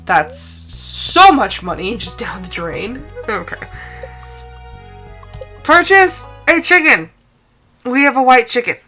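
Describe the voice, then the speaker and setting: Expressive woman streamer muttering through gameplay. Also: fairly high pitch, slow pace, pauses often, soft background music. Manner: exasperated, talks to herself, self-soothing. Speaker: streamer playing a farming game. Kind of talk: live game commentary.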